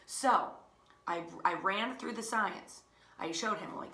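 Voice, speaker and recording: A young woman teacher telling a family story in a chatty, animated, self-mocking way. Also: mid-range voice, a little slow. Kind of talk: casual storytelling. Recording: echoey room.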